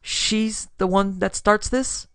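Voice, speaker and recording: A woman voicing a massive, blunt foreign housewife who speaks flat, broken English. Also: mid-range voice, slow pace, clean tone, no echo, studio quality, voice pushed up. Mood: flat, matter-of-fact.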